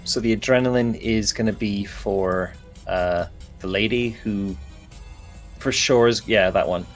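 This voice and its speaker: A man's voice: fairly low pitch, unhurried, faint music behind. A man as a player, thinking aloud with many fillers during a tabletop game. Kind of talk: tabletop role-play chat.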